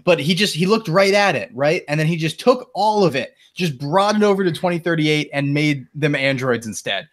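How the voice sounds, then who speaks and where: A man co-hosting a casual gaming podcast, skeptical in his views but quick to laugh and agree. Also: on the high side, expressive. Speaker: podcast co-host.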